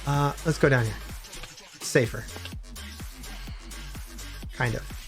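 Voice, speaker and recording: A man live-streaming a game, rambling and hesitant, then bursting into excited high-pitched reactions. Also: slow pace, soft background music. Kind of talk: live gameplay stream chat.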